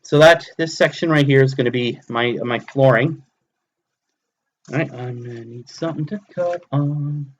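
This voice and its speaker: This thirtysomething man speaks in a mid-range voice at normal speed, and the recording sounds lo-fi. Streaming live from the hobby table in his home, he chats casually and talks himself through each building step.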